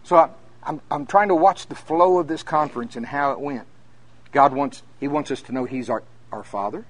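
A minister preaching at a conference, telling folksy stories that climb to emphatic peaks. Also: male voice, medium pitch, moderate pace. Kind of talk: conference sermon.

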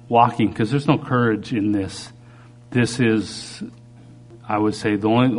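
A middle-aged man preacher giving a halting, earnest personal testimony during a sermon while recovering from a stroke. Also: medium pitch. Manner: earnest, halting, with frequent restarts.

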